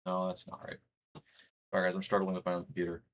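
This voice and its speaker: In a deep, monotone voice, a young American streamer talks quickly. He chats casually with his audience, rambling and reading their messages out.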